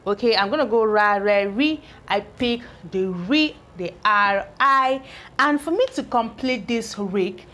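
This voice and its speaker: A woman leads a spelling lesson, stretching out each sound as she builds words from syllables. She speaks slowly and deliberately, stopping often to check that her learners are keeping up. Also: fairly high pitch, animated, fairly bright tone. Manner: slow, drawn-out syllables, sounding out each piece; asks learners if they follow. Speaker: English teacher. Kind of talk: phonics lesson at a board.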